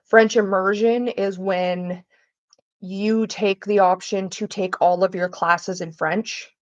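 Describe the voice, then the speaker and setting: A vlogger takes her time as she tells casual stories while cooking in her home kitchen, swearing freely and acting out the people she quotes. She has a medium-pitched voice with fairly even intonation. The highs in the audio are cut off.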